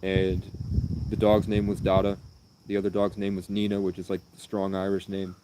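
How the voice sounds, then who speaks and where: A man's voice: sits low, monotone, moderate pace, noisy background. A man livestreaming, telling long meandering stories in an earnest, rambling way. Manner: meandering, earnest, jumps between anecdotes. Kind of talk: rambling storytelling.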